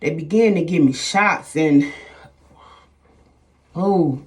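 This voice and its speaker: Slow-talking woman telling a story. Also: low-pitched. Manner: emphatic, repetitive, addresses viewers as "y'all". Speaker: vlogger. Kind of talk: casual storytelling to viewers.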